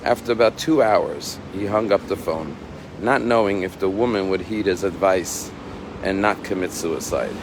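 A rabbi giving a measured, emphatic sermon, slowing down to stress key phrases. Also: male voice, low voice, background noise.

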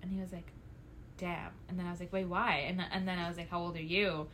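A woman in her twenties, casually chatting as a podcast co-host, acting out dialogue in a lively storytelling manner. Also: lowish voice, fast, a little hiss or hum. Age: 20s. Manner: animated storyteller, acts out dialogue, bursts into loud laughs. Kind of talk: casual chat.

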